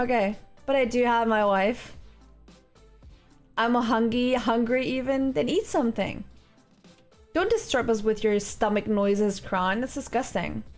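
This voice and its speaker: A woman livestreaming from home, chatting casually with viewers in a rambling, giggly way full of fillers. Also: on the high side. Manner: rambling, giggly, thinks aloud with many fillers. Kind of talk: casual chat with live viewers. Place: home, indoors.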